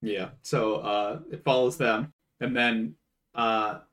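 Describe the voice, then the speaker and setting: A man's voice: mid-range voice, fairly even intonation, takes it slowly, a bit bright. A man co-hosting a podcast, casually recapping a movie and acting out characters' lines with laughs. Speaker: podcast co-host.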